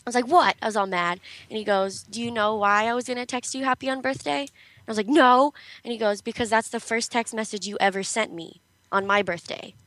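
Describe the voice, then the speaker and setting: A woman's voice: on the high side, steady tone, brisk, fairly bright tone, no room sound, low-quality recording. A young woman co-hosting a casual talk show, telling a story in a chatty way with many fillers. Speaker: co-host. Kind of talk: casual chat.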